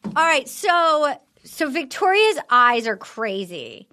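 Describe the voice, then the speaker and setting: A woman hosts a comedy podcast in a high, lively voice that leaps up and down. Her tone is bright, and she rambles through stories, acting out the people she quotes. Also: slow. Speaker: podcast host. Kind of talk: casual comedic recap chat.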